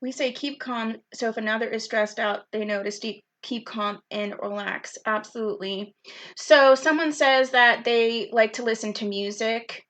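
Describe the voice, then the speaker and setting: A woman's voice: fairly high pitch, moderate pace, a bit bright. A woman leading a live online youth workshop, chatty and upbeat, reading out viewers' comments by name over a video call. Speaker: program specialist leading a virtual youth workshop.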